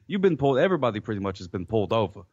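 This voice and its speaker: A man hosting a comedy podcast, riffing in character as a police officer in a deadpan, rambling way. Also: lowish voice, racing, husky, no echo, lo-fi sound. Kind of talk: improvised comedy chat in character as a cop.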